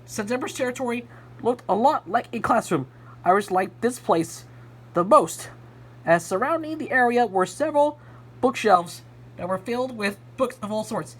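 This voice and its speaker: A woman reading a fan story aloud in an expressive storybook style. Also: fairly high pitch, moderate pace, husky. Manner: expressive, lively narration. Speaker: reader.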